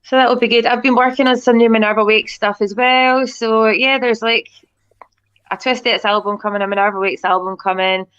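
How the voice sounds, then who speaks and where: A woman's voice: on the high side, fairly even intonation, normal speed, a bit bright, clear, resonant tone, dry recording, lo-fi sound. A woman musician chatting easily on a video call, laughing often. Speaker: musician guest. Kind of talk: casual chat.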